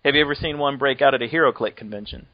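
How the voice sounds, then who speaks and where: A podcast host chats casually at a racing pace, rambling, joking and laughing often. His voice sits at medium, middle-register pitch, and the recording is dry and close with a dull, lo-fi call quality.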